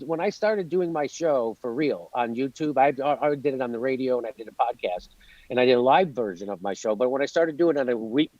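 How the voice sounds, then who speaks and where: A man's voice: mid-range voice, a little mellow, no room sound, lo-fi sound. A man in an interview, ranting in a sarcastic, profane, worked-up way. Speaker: guest comedian. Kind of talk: animated interview rant.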